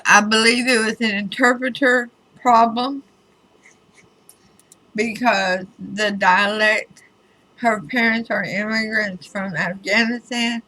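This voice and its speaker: Her voice is mid-range, bright, and forceful, captured in rough audio. In a casual tarot reading video, she addresses viewers in a chatty, emphatic way with wry side comments.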